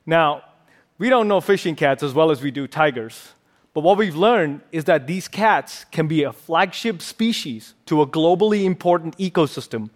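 A man giving a prepared stage talk as a conservationist, playful and fond of puns. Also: a little high.

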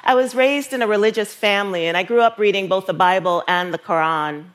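A woman in her fifties from New York, a writer giving a slow, measured storytelling talk on stage, with soft trailing phrases. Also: medium pitch. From Brooklyn, New York.

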